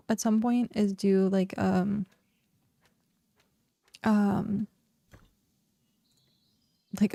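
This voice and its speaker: A woman's voice: medium pitch, creaky, dark tone, dry recording. A woman streaming a game and chatting casually, filling her talk with "like" and laughing often. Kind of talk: casual livestream chat.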